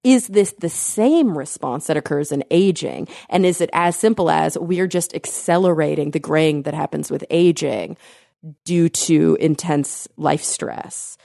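A woman co-hosting a podcast, explaining science in a chatty way, thinking aloud with fillers and quick self-corrections. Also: low voice, vocal fry, dark tone, dry recording, clean studio sound. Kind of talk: casual science chat.

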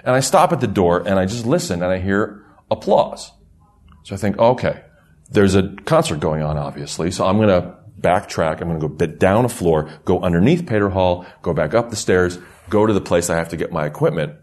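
Deep-voiced man telling a ghost story. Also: fairly quick. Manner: rambling, animated, laughs through the telling. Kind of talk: casual storytelling chat.

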